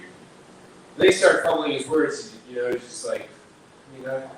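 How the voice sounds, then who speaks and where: Young male comic, loose and rambling, middle-pitched, miked from a distance in a noisy room. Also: fairly even intonation, moderate pace, heavy reverb. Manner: loose, rambling delivery with frequent swearing and restarts. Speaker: stand-up comedian. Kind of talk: stand-up set at an open mic. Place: small bar comedy room.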